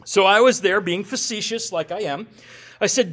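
A man's voice: high voice, animated, a little fast, fairly bright tone. A male pastor preaching a sermon in a conversational way, with rhetorical questions and self-deprecating humor.

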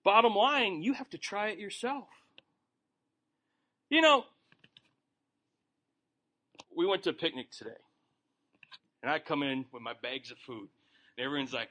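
A man's voice: fairly high pitch, moderate pace, pauses often, sharp tone. A man leading a Bible study in a folksy, joking, conversational sermon. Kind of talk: informal sermon.

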